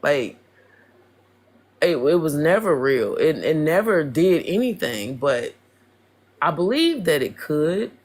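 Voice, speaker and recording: Slow, halting speaker in casual chat. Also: medium pitch, sing-song. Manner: slow, halting, many restarts and "like"s.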